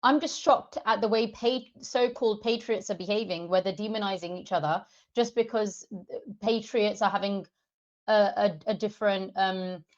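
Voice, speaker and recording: A woman's voice: mid-range voice, darkish tone. A woman, a parent of two, ranting angrily at her viewers on a livestream, heavily profane and addressing them directly. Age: adult parent of two. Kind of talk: angry livestream rant. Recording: slightly dull lo-fi stream audio.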